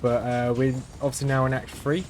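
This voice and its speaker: Monotone man narrating his gameplay. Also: medium pitch, fairly quick. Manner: monotone, understated delivery; thinking aloud while playing. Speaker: gaming channel host. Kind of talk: let's-play commentary.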